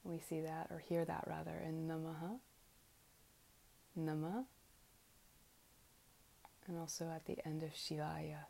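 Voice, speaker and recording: A woman teaching mantra pronunciation in a slow, guided lesson, patiently demonstrating each vowel and consonant aloud. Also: deep voice, flat delivery, vocal fry, warm tone.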